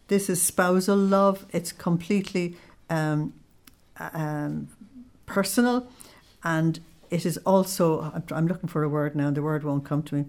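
Low-voiced woman teaching, unhurried. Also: darkish tone. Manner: unhurried, hesitant, checks in with listeners often. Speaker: religious teacher. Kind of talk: spiritual study lesson.

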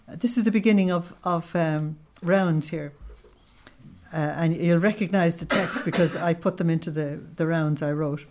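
A woman's voice: on the low side, moderate pace, noisy background. Earnest woman leading a spiritual study. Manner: earnest, explains, asks tag questions. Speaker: spiritual study group leader. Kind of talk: religious teaching with read-aloud passages.

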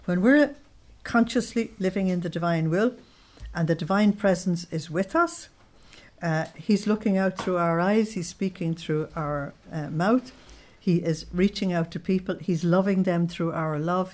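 A woman leading a devotional study group, reading spiritual passages aloud and slowing down to stress key words, often checking that her listeners follow. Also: lowish voice, darkish tone. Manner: asks listeners to check their understanding. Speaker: religious study group leader.

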